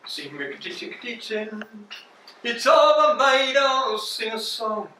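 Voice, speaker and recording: A man sings a darkly comic song with a high voice at an unhurried pace, chuckling now and then. He sounds distant in a very echoey room. Clear noise runs underneath. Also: very animated, sharp tone. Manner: chuckling through the verses. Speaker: performer. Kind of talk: singing a comic macabre song. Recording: echoey room from far off, noisy.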